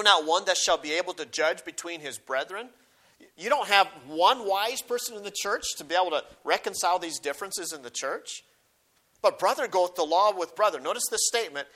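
A man's voice: high voice, pushed and bright. A man preaching a sermon, reading scripture aloud with rising emphasis and explaining it, often restarting and repeating words.

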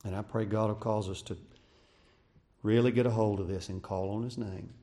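A male pastor preaching a sermon, swinging between raised, emphatic cries and hushed, quiet passages. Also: fairly low pitch, fairly even intonation, normal speed. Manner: preaching with rising shouts and hushed drops.

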